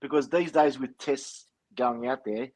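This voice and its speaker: A man co-hosting a casual sports podcast, speaking haltingly with frequent restarts. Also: mid-range voice, fairly even intonation, darkish tone, no room sound. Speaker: podcast co-host.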